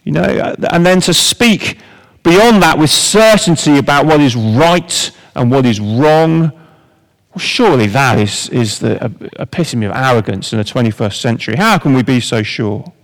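A man's voice: mid-range voice, lively intonation, normal speed, gravelly, big-room sound, rough recording. Man preaching with wry rhetorical questions. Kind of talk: sermon.

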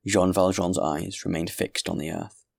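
A man narrating a classic novel in a measured, grave reading voice. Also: sits low, steady tone, creaky, no echo, studio quality. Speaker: audiobook narrator. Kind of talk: scripted narration.

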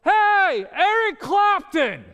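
A man voicing a big, loud, blunt homeless man who hollers when he talks. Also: mid-range voice, big pitch swings, slow pace, vocal fry, dull audio, exaggerated voice. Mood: hollering. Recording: long reverberant hall.

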